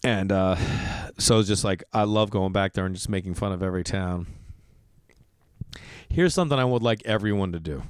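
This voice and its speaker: An animated Boston man spins a loose, profane story for his podcast, his voice smooth and resonant. The sound is close and dry, with no room in it. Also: low voice, normal speed, dry recording. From Massachusetts. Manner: animated, profane, lots of "like" fillers. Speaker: podcast host. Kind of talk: casual storytelling monologue.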